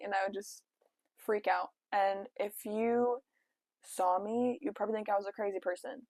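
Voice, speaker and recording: A woman's voice: mid-range voice, fairly even intonation, moderate pace, long pauses, a little mellow, dry recording. A young woman chatting casually to camera at home, telling a story with lots of "like" and quoted asides. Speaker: vlogger.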